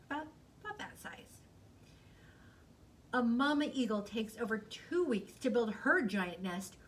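A woman reading her picture book aloud in an expressive, sing-song, teacherly way, with fun facts in between. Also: sits high, recorded from a distance.

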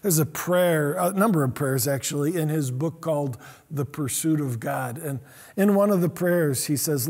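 A middle-aged man preaching a sermon as pastor, animated, often acting out the quotes he reads. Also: a little high, normal speed.

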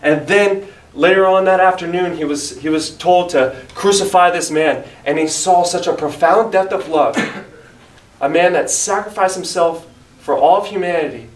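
A man's voice: high voice, normal speed, distant mic. A man teaching a church Bible study in an earnest, emphatic way, reading scripture aloud. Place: church room. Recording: echoey room, mic from afar, faint hiss.

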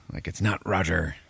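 A man's voice: low-pitched, vocal fry, a bit bright, slightly rough, no room sound. A man hosting a podcast, recapping a movie in a loose, profane, rambling way with frequent laughs. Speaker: podcast host.

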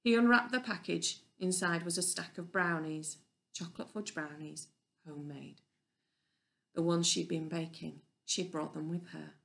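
A woman reading a children's novel aloud in a clear, even storybook narration. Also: lowish voice, moderate pace. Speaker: audiobook reader.

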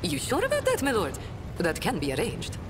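Game dub casting: a sly, flirty woman smuggler, quick and teasing, bouncy delivery, noisy game audio. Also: a little high, huge pitch swings. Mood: playful. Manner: teasing, playful. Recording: game audio with clear background noise.

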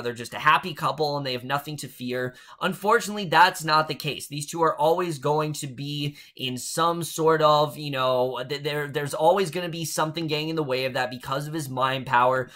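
A man's voice: a little high, pushed and bright. A young man recapping and reviewing a TV episode in casual chat, opinionated and sometimes sarcastic. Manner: chatty, opinionated, sarcastic asides.

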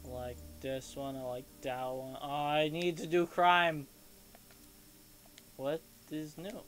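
Slow-talking excitable gamer man. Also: a little high. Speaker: gamer playing. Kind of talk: casual let's-play chat.

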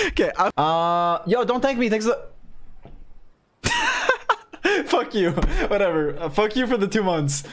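A man's voice: sits high, lively intonation, normal speed. A young man streaming games, chatting casually with his viewers, swearing a lot and reading chat aloud.

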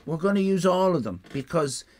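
Sweary Irish woman with lively pitch. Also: brisk. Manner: sweary, rambling, bursts into loud laughing shouts. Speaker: stream co-host. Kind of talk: casual chat.

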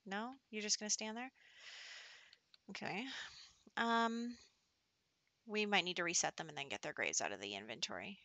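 Bright, chatty woman narrating gameplay. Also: mid-range voice, moderate pace, vocal fry, pauses often, no echo, muffled recording. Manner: chatty, giggly, drops into whispered asides. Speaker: gameplay commentator. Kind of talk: casual game commentary.

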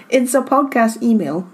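Her voice sits fairly high, with slight background noise in the recording. As a podcast co-host presenting the story, she keeps the talk casual, laughing readily while reading from her notes.

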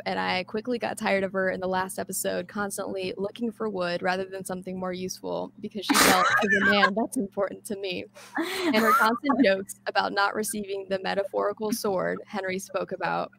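A woman chats over a video call in a gravelly voice. She hesitates and restarts often and laughs her way through the story. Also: mid-range voice, fairly even intonation, brisk, background noise. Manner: hesitant, many fillers and restarts, laughs while talking. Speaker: podcast guest. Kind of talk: casual chat.

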